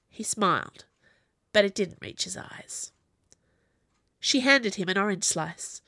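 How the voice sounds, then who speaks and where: A woman's voice: mid-range voice, expressive, takes it slowly, vocal fry, long pauses, bright, forceful tone, no echo. Woman narrating a story, dry close sound. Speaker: audiobook narrator. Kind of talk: scripted narration.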